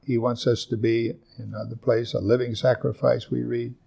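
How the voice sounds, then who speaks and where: A man pastor preaching a sermon, earnest, repeating and slowing down on scripture verses for emphasis. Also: medium pitch, little pitch movement, creaky, warm tone, breathy edge.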